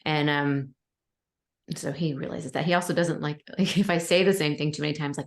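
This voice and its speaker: A woman's voice: low-pitched, fairly even intonation, a little fast. A woman who is a parent, hosting a podcast in a chatty, casual way, laughing often and telling anecdotes with quoted dialogue. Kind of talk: casual conversational interview.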